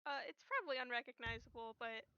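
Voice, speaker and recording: A woman with a high, bright voice narrates her character in a casual tabletop role-play, rambling and often restarting her sentences. The recording is muffled and lo-fi, with a dry, close sound. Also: lively intonation, fast talker, clear, resonant tone, dry recording. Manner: rambling, self-correcting. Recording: dull lo-fi, dry.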